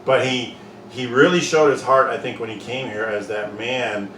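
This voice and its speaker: A man's voice: medium pitch, fairly even intonation, moderate pace, fairly bright tone. A man in a casual faith discussion, earnestly retelling a Bible story with many restarts. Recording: echoey room, distant mic, faint noise.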